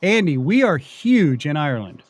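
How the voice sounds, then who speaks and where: A man hosting a casual online talk show, excitable and quick to slip into character voices. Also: fairly high pitch, noisy background. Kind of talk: casual chat with guests.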